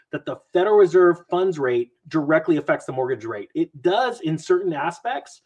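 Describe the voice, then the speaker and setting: A man talks markets in a loose, rambling podcast chat and acts out whole exchanges on the fly. His voice is husky and slightly high, and it bounces around with energy. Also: quick pace, few pauses, lo-fi sound. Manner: animated, rambling, acts out quoted people. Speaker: guest investor commentator.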